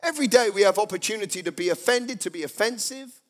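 In a high voice at a quick pace, a man preaches a humorous sermon. He animates his stories for the congregation by performing everyday characters.

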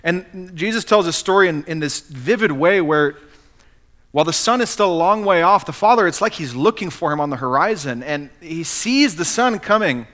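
Male pastor, bright forceful voice, emphatic storyteller. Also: fairly high pitch, expressive, normal speed. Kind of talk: sermon.

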